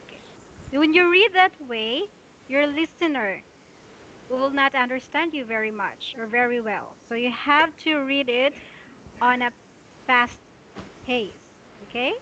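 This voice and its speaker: A woman's voice: high-pitched, a little slow, pauses often, pushed and bright, highs cut off, a little hiss or hum. A woman tutoring English, patiently correcting a student's reading with many "okay"s.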